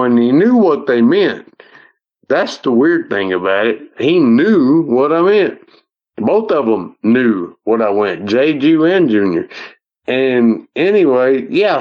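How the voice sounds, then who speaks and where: Slow-talking Southern man, folksy and rambling. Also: medium pitch, dull audio. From American South. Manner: rambling, folksy, restarts often. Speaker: podcast guest. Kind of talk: casual storytelling.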